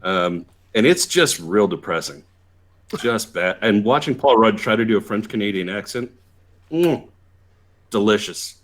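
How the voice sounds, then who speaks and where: A man's voice: lowish voice, expressive, unhurried. A man co-hosting a podcast, talking casually and wryly about movies, with fillers. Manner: chatty, wry, rambling. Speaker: podcast co-host. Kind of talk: casual chat.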